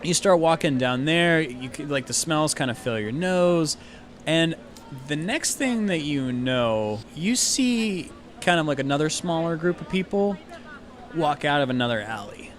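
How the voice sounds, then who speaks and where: A man's voice: a little high, expressive, measured pace. Casual rambling male game master. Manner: casual, rambling with many fillers. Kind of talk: narrating a tabletop game.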